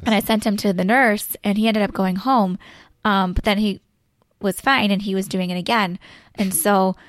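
A woman's voice: medium pitch, steady tone, normal speed, dry recording, studio quality. A woman in her thirties, a teacher guest on a podcast, speaking hesitantly with many ums and you-knows. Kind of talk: casual podcast chat.

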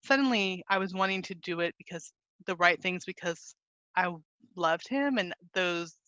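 A woman guest speaking earnestly and warmly about her faith in a casual podcast chat, often saying "like". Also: fairly low pitch, normal speed, no room sound, muffled recording. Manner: earnest, heartfelt, says "like" often. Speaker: guest author.

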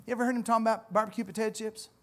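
A man, preaching a sermon in church in a folksy, conversational way that swells louder on emphatic points. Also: sits high, steady tone, rapid-fire. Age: 40s. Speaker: pastor.

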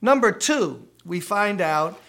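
A man's voice: high voice, animated, takes it slowly, vocal fry, a bit bright. Emphatic man preaching a podcast sermon. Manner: emphatic, repeats key phrases for stress; rhetorical questions, conversational asides. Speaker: pastor. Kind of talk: podcast sermon for church leaders.

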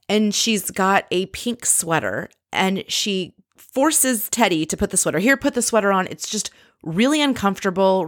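A woman's voice: mid-range voice, no echo, clean studio sound. A woman giving casual commentary on a reality show, blunt and sarcastic. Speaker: reality TV recapper.

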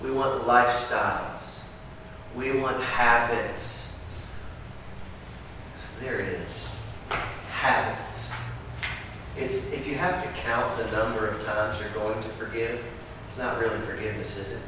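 A pastor preaching a sermon, swinging from loud emphatic outbursts to quiet, earnest talk. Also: male voice, mid-range voice, steady tone, slow, long pauses. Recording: echoey hall from far off with background noise.

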